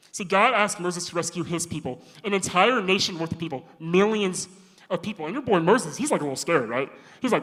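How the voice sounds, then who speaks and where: Man preaching casually with slang and playful acted-out lines, slightly high voice, echoing hall. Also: fairly quick. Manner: slangy, animated, acts out quoted voices. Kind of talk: casual sermon. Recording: long hall reverb.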